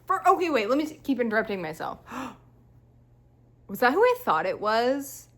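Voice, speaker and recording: A young woman vlogging her reading reactions, chatty and animated, full of "like" and playful mock quotes. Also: a little high, moderate pace. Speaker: book vlogger. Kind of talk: casual reading reactions to camera.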